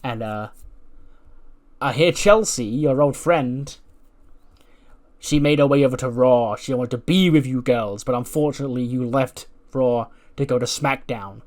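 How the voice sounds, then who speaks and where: A man's voice: mid-range voice, a little slow, darkish tone, lightly acted. A man doing a chirpy, stammering young woman. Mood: eager. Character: bubbly, scatterbrained young woman wrestler and singer.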